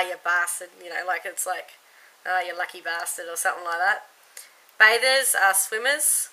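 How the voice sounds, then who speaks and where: A young Australian woman talks casually to her camera, running through a word list and slang with a chatty, giggly manner. Her voice is very bright and sits at an everyday pitch for a woman. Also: rough recording. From Queensland, Australia. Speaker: vlogger. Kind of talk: casual accent tag vlog.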